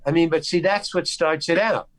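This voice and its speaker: American guy telling a story on a video call, kinda high voice, dry close sound, keeps restarting and doing the voices. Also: moderate pace, dry recording, low-quality recording. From United States. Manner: animated anecdote-telling with restarts and acted-out quotes. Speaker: guest actor. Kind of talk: casual storytelling interview.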